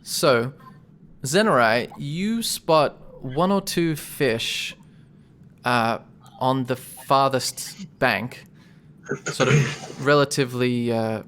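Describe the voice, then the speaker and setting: A man's voice: medium pitch, very slow. Rambling male game master. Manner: relaxed, rambling, self-correcting. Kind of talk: narrating a tabletop game.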